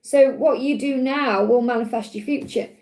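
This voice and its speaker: A woman with a Stoke-on-Trent accent, giving a gentle, chatty card reading on a live stream and answering viewers. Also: a little high, moderate pace, poor audio. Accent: Stoke-on-Trent English. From England. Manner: gentle, reassuring, chatty with frequent restarts. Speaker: tarot and angel card reader.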